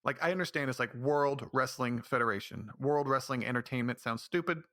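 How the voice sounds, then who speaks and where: A man's voice: medium pitch, fairly quick, bright, forceful tone, no room sound, clean studio sound. A man hosting a solo podcast, speaking in a rambling, ranting way with many restarts. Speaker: podcast host. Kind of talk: casual solo commentary.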